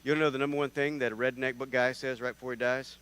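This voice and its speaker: A man preaches in a church, his voice sitting in an ordinary middle register. He talks to the congregation in a loose, animated way, often restarting his phrases before pushing ahead. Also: mid-range voice, rapid-fire, smooth. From North Carolina. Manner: animated, conversational, with repeated restarts. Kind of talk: sermon.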